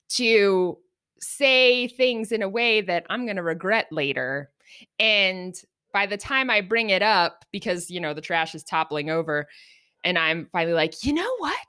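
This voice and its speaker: A middle-aged woman co-hosting a podcast, talking earnestly and reflectively, lively when she acts out everyday examples. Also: mid-range voice, clean tone. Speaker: podcast co-host. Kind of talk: reflective conversational podcast talk.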